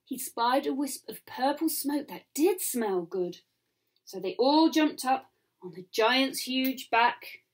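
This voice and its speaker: A woman reading a rhyming picture book to children, with soft asides. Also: high-pitched, animated, takes it slowly.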